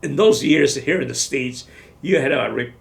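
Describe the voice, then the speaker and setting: Older man in his seventies, gravelly-voiced veteran, blunt and salty storyteller in an interview. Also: medium pitch, normal speed. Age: 70s. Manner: salty, blunt retelling with profanity. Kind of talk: oral history storytelling.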